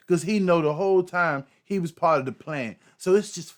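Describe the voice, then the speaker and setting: A man's voice: high voice, a little fast, hardly any pauses. A man hosting a reaction commentary, talking emphatically with frequent repeats, fillers and swearing. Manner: emphatic, repetitive, profane, fillers. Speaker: host.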